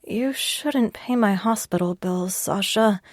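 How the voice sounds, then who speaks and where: A woman's voice: mid-range voice, slow pace, dry recording, studio quality. A woman voicing an injured young woman who is shaky and pleading. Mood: tearful, pleading. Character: hurt, tearful young woman in hospital.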